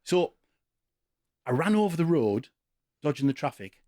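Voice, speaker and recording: A man, a podcast guest, telling self-mocking anecdotes in a casual, animated way. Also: fairly high pitch, unhurried. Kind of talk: casual storytelling.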